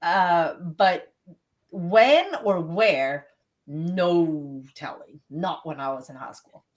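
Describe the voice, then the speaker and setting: A woman's voice: on the low side, drawn-out words. Laughing Swedish woman chatting. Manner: chatty, laughs often, self-mocking. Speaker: podcast co-host. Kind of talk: casual chat.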